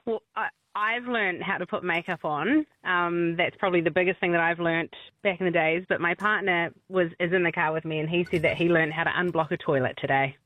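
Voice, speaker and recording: A woman's voice: on the low side, steady tone, brisk, hardly any pauses, dry recording. A woman with a New Zealand accent calling a radio show from her car, friendly and good-humoured. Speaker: radio caller. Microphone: phone. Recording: tinny dry phone line.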